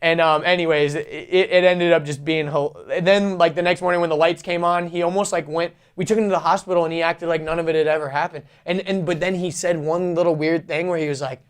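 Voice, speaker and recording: Give me an animated male podcast host with a fairly high voice, telling stories casually. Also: quick pace, hardly any pauses, clear, resonant tone. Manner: animated, swearing, lots of fillers, laughs while telling stories. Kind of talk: casual storytelling chat.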